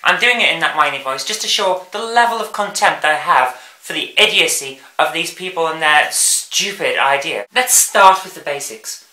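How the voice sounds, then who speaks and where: A woman's voice: low voice, expressive, normal speed, hardly any pauses, bright, forceful tone, reverberant, rough recording. A woman hosting a vlog, ranting about the news in an angry, sarcastic, sweary way. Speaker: vlog host.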